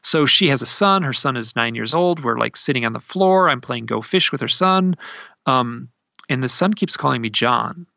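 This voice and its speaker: A man from Idaho tells a long personal story in a rambling, casual way, often restarting his sentences. His voice is gravelly and bright. The recording is dry and a little dull. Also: mid-range voice, animated, moderate pace, no echo. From Idaho, USA. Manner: rambling, with many restarts and fillers. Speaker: guest telling a personal story.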